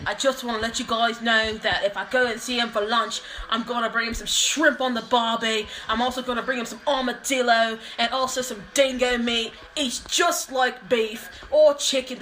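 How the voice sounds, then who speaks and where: A woman's voice: a little high, steady tone, moderate pace, few pauses, bright, forceful tone. A woman voicing a cheery outback wrangler in a put-on Australian accent, telling tall tales with laughs. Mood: boastful.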